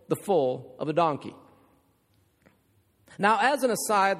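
A man preaching a sermon, telling a story with rhetorical questions and humorous asides. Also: sits high. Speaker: pastor. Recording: long reverb of a large hall.

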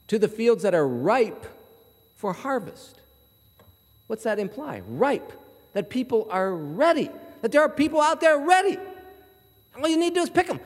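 High-voiced man preaching in a hall. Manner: animated storytelling, acts out voices in his anecdotes. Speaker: pastor. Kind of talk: sermon.

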